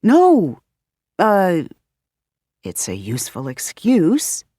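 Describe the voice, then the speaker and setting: A woman's voice: lowish voice, huge pitch swings, drawn-out words, dark tone, husky, dry recording, clean studio sound, pitched above the performer's own voice, exaggerated voice. A woman voicing an awkward young man with memory loss, speaking hesitantly with fillers. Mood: evasive.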